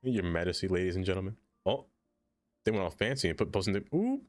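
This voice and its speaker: A low-voiced man talks fast with lively intonation while streaming a city-building game. He chats casually with viewers, laughs a lot, and mutters to himself as he builds, with faint music in the background.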